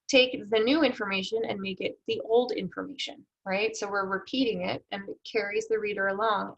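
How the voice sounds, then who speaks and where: A woman's voice: medium pitch, vocal fry, fairly bright tone, low-quality recording. A woman giving a recorded lecture on editing proposals, explaining step by step with rhetorical questions and frequent fillers. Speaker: research development instructor.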